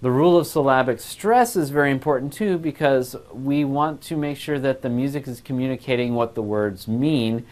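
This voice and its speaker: A man with a medium-pitched, darkish voice leads a voice class at a moderate pace with few pauses. He gives clear explanations of phrasing, breaking into short sung examples. It's a recorded music lesson.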